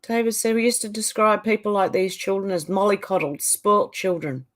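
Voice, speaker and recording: A woman's voice: mid-range voice, fairly even intonation, normal speed. A middle-aged Australian woman hosts her own livestream, reading viewer comments aloud and chatting back casually. Her sentences often trail off and restart. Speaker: livestream host.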